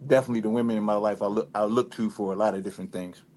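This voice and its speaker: A man with a Detroit accent, guest on a radio interview, talking in a relaxed, rambling way full of fillers and restarts. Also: lowish voice, rapid-fire, noisy background. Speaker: rapper guest. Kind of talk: casual interview talk.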